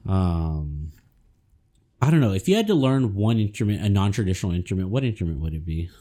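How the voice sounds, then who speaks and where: Low, mellow-voiced man in casual chat. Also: lively intonation, fairly quick. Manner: loose, swearing, laughs often. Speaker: podcast co-host.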